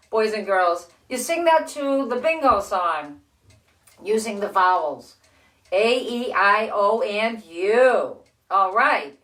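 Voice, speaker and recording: An older woman with six grandchildren, teaching letter sounds to children in a slow, cheerful, encouraging way from her living room. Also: mid-range voice, animated, fairly bright tone. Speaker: children's story host. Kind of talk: phonics lesson and read-aloud for children.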